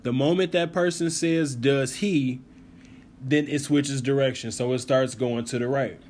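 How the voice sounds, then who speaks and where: A man's voice: mid-range voice, steady tone, measured pace, darkish tone, slight background noise. A young man hosting a casual podcast, bossily explaining the rules of a drinking game amid joking banter. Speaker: podcast host.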